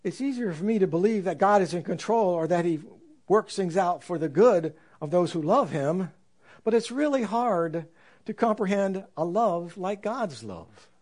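A man preaching a sermon in an earnest, reflective way, slowing down to stress scripture. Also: high-pitched, expressive, a little mellow. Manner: earnest, reflective, with slow emphatic scripture quotes.

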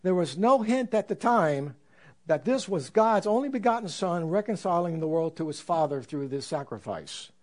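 Man, slightly high voice, earnest sermon, reflective, slow on scripture. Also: lively intonation. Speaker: preacher.

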